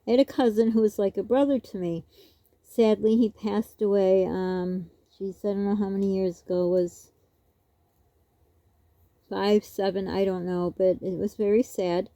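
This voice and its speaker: A woman's voice: medium pitch, steady tone, moderate pace, warm tone, no room sound. A woman vlogger telling a rambling, casual story, laughing often as she goes.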